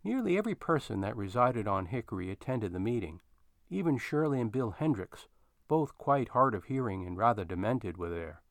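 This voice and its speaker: A man narrating a story in an expressive storytelling manner. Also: fairly low pitch, normal speed, no echo.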